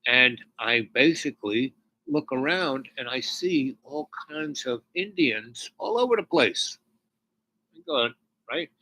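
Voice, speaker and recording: Man telling a halting, rambling personal story. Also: medium pitch, expressive, pushed and bright, a little hiss or hum, poor audio. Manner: rambling, halting, restarts, drops to near whispers when moved. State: tearful near the end. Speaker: spiritual storyteller.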